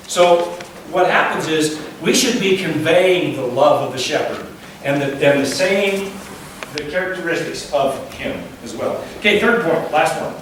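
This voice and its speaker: A man preaching in a church, his voice high and talkative, with rhetorical questions and "okay?" check-ins to the congregation. The sound is heavily reverberant and distant, as if taken from the back of the sanctuary, with a faint hiss underneath. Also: expressive, unhurried, fairly bright tone. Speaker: pastor. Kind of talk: sermon. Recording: echoey church hall from a distance, faint noise.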